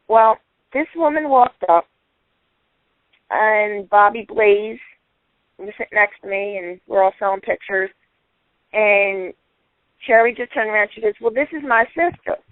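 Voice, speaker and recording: A woman's voice: medium pitch, a little slow, pauses often, no room sound. A woman from New Jersey, a longtime friend and guest, telling chatty anecdotes on a call-in show. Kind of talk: casual storytelling on a phone-in show. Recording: tinny dry phone line.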